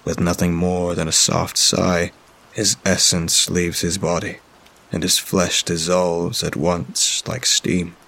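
Deep raspy guy reading a creepy story, really dramatic. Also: level tone, slow pace, bright, forceful tone. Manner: dramatic, voices characters in dialogue. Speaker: narrator. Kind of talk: first-person horror story narration.

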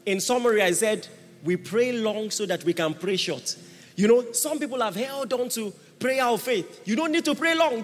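A man preaching a sermon, emphatic, swinging from hushed asides to shouted exhortation. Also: extremely high pitch. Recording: long reverb of a large hall.

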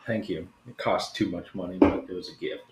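Male player, bewildered, stammering, low voice, roomy echo. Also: fairly even intonation, fairly quick, heavy background noise. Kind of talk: tabletop role-play chat. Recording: echoey room.

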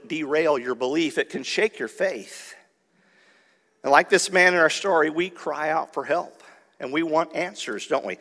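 A man preaching a Sunday sermon at a mid-range pitch, talking it through with the congregation and tossing them rhetorical questions. His voice carries a long reverb off the walls of a church hall. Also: a bit bright. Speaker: pastor. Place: church sanctuary.

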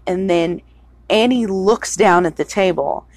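A woman's voice: mid-range voice, measured pace, dry recording. A woman co-hosting a casual chat, animatedly retelling a film scene and swearing freely. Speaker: podcast co-host.

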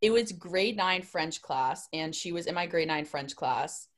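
A young woman chatting casually with friends, quick with asides and interruptions. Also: lowish voice, animated. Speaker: podcast co-host. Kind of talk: casual chat among friends.

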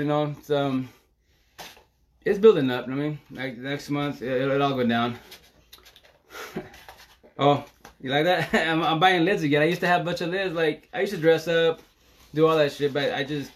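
A man rattling off a casual live-stream monologue at speed. His voice sits at an everyday pitch, and his talk is loose, slangy and profane, packed with fillers and restarts. He keeps the energy high throughout. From Seattle area. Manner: fast, excitable, slangy and profane with constant fillers.

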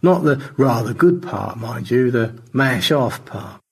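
A man's voice: lively intonation, slow pace, gravelly, breathy edge, full character voice. A man voicing George, a pompous, languid old space adventurer who talks in grand, wordy phrases. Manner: grandiloquent, high and theatrical.

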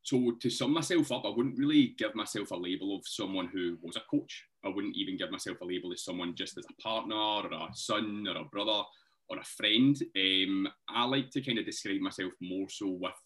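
A Scottish man with a very low voice but a bright, forceful tone speaks as a podcast guest. He is earnest and reflective, explaining his ideas at length and laughing easily. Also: fairly quick. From Scotland. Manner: earnest and reflective, laughs often, says mate. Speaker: guest, personal trainer. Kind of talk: interview conversation.

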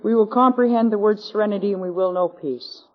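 A woman's voice: medium pitch, brisk. A woman with a Canadian accent, giving a wry, self-mocking personal testimony to a convention audience, on an old tape. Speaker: speaker at a recovery convention. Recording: dull lo-fi 1980s convention tape.

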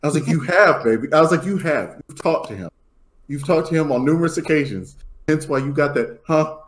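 A man's voice: on the high side, lively intonation, fairly quick. A young adult man co-hosting a podcast, laughing often as he tells a story and acts out his daughter's lines. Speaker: podcast co-host. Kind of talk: casual chat, storytelling.

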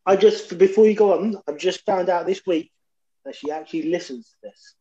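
A man chatting and teasing among friends on a podcast. His voice sits a little high, and the sound is slightly dull and lo-fi. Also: brisk, dark tone. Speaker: podcast co-host. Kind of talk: casual chat.

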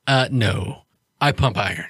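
A man voicing a big, young, easygoing male troll gang member, with halting, laid-back speech in a dry recording. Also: on the low side, a bit bright, breathy edge, no echo. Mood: casual.

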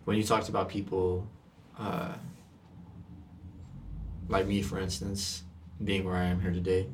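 A man speaking earnestly and gently about faith in a casual conversation. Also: low voice, little pitch movement, unhurried, far from the mic, slight background noise.

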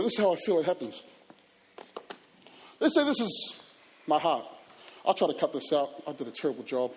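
A man telling personal stories to a live audience, animated and acting out scenes and voices. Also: a little high, slight background noise. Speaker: youth speaker. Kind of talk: storytelling talk to an audience.

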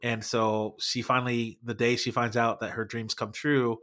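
A man's voice: medium pitch, little pitch movement, normal speed, a bit bright. A man, a former band member, chatting casually on a podcast, swearing often and calling people man and dude. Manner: laid-back, swears often, says man and dude a lot.

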